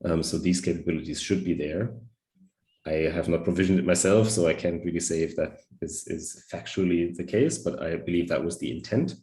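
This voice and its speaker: A man on a video call in a work meeting, explaining things in a measured, careful way. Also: low-pitched, mellow. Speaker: meeting participant. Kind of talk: casual work meeting talk. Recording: roomy echo on a video call.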